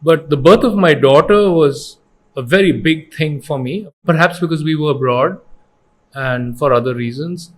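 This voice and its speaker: The founder of an education company, a middle-aged Indian man with an Indian English accent, appears as an interview guest and tells stories with earnest animation, acting out quotes and slipping in Hindi phrases. His voice runs on the high side at a normal pace.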